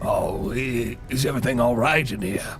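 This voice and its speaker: A man's voice: medium pitch, normal speed, soft background music, close to an everyday voice. A man voicing a cautious, concerned man who checks on a guest with hesitant words. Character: cautious man peeking into a room.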